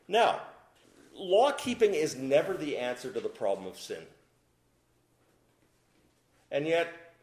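A man preaching a sermon as pastor, swinging from loud emphatic peaks to low quiet asides, in what sounds like a church. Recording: echoey room.

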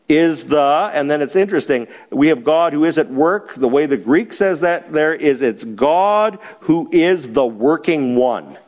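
A man's voice: fairly high pitch, a little mellow. A man teaching a Bible class, explaining a passage with emphasis and putting questions to the class.

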